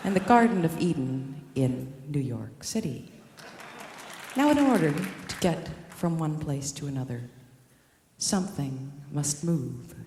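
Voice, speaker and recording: A woman telling a story in a slow, dry, deadpan spoken-word style. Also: deep voice. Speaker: performance artist. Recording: echoey hall with music behind.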